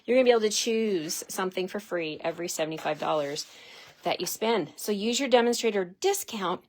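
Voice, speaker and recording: A woman hosting a live craft demonstration, chatty and excitable, gushing over each product as she unpacks it. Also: medium pitch, brisk, a little hiss or hum.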